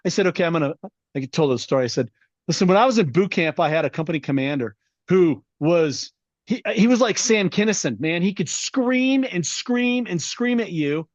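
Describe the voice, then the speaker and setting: A middle-aged man in casual podcast chat, telling stories with lively acted-out quotes and frequent swearing. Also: high-pitched, normal speed, dry recording, highs cut off. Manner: animated storyteller, swears freely, acts out quotes. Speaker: podcast co-host.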